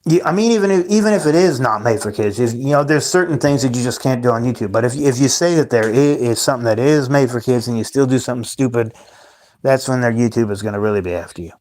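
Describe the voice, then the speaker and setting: A man's voice: medium pitch, fast, a little mellow. A man hosting his own livestream, rambling and ranting at his chat, repeating himself and calling the viewers guys. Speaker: livestream host.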